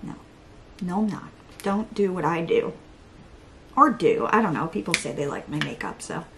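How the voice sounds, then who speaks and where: A young woman vlogs a relaxed makeup tutorial in a lowish, creaky voice with lively intonation and normal speed, over a noisy background. She jokes at her own expense, talks to herself and occasionally slips into a whisper.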